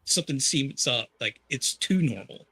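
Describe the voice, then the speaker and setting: A man with a bright, forceful tone and a husky edge, rambling eagerly through a casual film chat. His voice sits close and dry on a home microphone, as if he were on a video call. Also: medium pitch, lively intonation, moderate pace, no room sound. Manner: rambling, enthusiastic, many restarts. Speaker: podcast co-host. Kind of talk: casual movie discussion.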